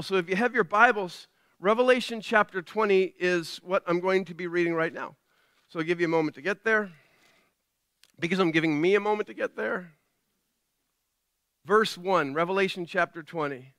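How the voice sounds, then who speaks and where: A man's voice: high voice, fairly bright tone, clear, resonant tone, no echo, studio quality. A man preaching a sermon as pastor, telling stories with self-deprecating humor and chatty asides to the congregation. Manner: conversational, with frequent asides to the congregation.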